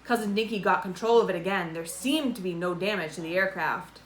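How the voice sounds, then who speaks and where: A woman with a lowish voice reads a children's chapter book aloud at a fairly quick pace, raising her voice for lively character dialogue and lowering it for narration. The recording has a roomy echo and slight background noise.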